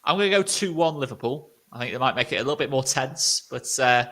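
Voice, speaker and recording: A man's voice: medium pitch, animated, fast talker, pushed and bright. A man hosting a casual football podcast, leading the questions and teasing his co-hosts. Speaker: host.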